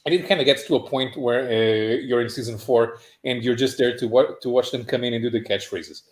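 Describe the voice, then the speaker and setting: A man's voice: mid-range voice, brisk, reverberant. A man on a casual talk podcast, explaining things at length with frequent restarts. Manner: long explanations with many restarts. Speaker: podcast panelist. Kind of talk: casual chat.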